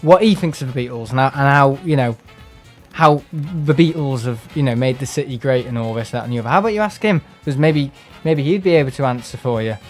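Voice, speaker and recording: A man's voice: mid-range voice, fairly quick, darkish tone, soft background music. A man chatting casually on a live game stream, rambling and sarcastic and mimicking other people in put-on voices. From England. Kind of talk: casual live-stream chat while playing.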